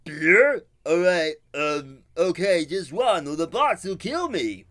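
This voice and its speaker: A man's voice: on the high side, very animated, slow, fairly bright tone, pitched above the performer's own voice, exaggerated voice. A man voicing a dim-witted male alien guard in a cartoon, talking hesitantly. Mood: eager. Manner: hesitant and easily swayed.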